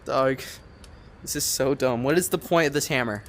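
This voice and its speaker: A man giving let's-play commentary, rambling and excitable, swearing often and talking to himself as he plays. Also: mid-range voice, moderate pace, slight background noise. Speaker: gamer playing a cooking game.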